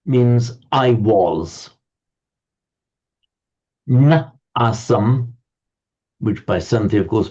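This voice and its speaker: Over a video call, a man teaches a Sanskrit class, explaining things slowly, often stammering and restarting, and reciting verses. His voice is lowish and slightly mellow, and the sound is lo-fi.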